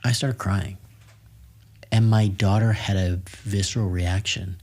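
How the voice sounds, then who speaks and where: A man's voice: fairly low pitch, steady tone, measured pace, darkish tone. A middle-aged man hosting a podcast, telling personal stories candidly and cracking self-deprecating jokes. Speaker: podcast host. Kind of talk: conversational interview.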